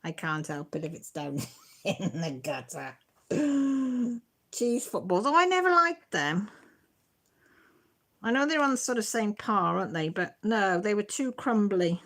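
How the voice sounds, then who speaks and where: A middle-aged woman chats on a home live stream, laughing easily and poking fun at herself. Her voice sits at an ordinary pitch for a woman, and she talks the way she would to friends. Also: expressive, measured pace, pauses often, fairly bright tone. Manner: giggly, self-deprecating, chatty. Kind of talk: casual live chat reading viewer comments.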